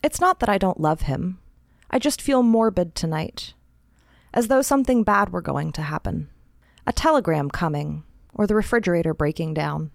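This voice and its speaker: A woman's voice: on the low side, animated, normal speed, gravelly, no echo. A woman voicing an anxious, fretful housewife who scolds herself, in a dry, close read story. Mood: uneasy.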